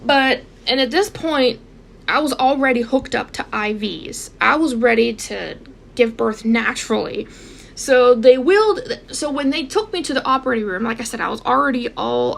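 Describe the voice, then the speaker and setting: A young woman telling a personal story in a casual, animated way, speaking straight to her viewers and acting out what people said. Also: a little high, normal speed, gravelly. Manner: animated, addresses viewers directly, acts out quotes.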